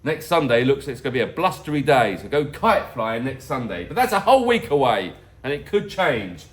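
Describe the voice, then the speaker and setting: A man's voice: medium pitch, sing-song, brisk. A middle-aged man hosting a casual weather vlog, talking in a jokey, rambling way. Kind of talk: casual chatty weather update.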